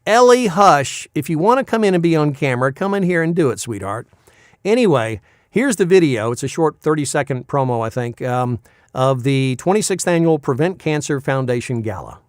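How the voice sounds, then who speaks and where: A man's voice: on the high side, lively intonation, normal speed, smooth, dry recording, clean studio sound. A male voice actor chatting casually in a vlog, rambling and self-deprecating as he tells stories from his work.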